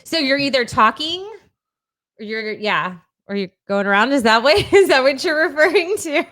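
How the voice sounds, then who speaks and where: A woman's voice: high voice, expressive, moderate pace, a bit bright. A woman with a South Texas accent co-hosting a casual podcast chat, teasing and laughing often. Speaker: podcast co-host.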